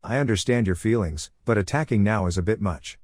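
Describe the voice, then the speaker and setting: A man's voice: fairly low pitch, a little fast, a little mellow, no echo, clean studio sound, lightly acted. A man reading the lines of a cautious male hunter who reasons and urges restraint. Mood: cautioning.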